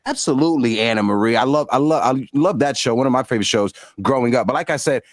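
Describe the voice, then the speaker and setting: A man from New York hosting a casual sports livestream, animated and giving shout-outs with blunt slang. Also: medium pitch, fast talker, no room sound. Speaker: host.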